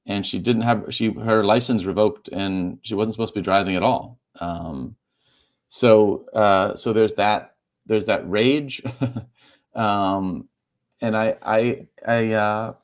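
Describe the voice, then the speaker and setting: A man, the guest author in an interview, talking in a halting way, repeating words and laughing softly as he speaks. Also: fairly low pitch. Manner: halting, repeats words, stumbles through fillers; laughs softly mid-sentence while talking. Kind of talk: emotional conversational interview.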